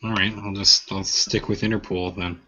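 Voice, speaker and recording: A man chatting casually while playing a game, speaking in a hesitant, low-key way that trails off. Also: flat delivery, moderate pace, pushed and bright, lo-fi sound.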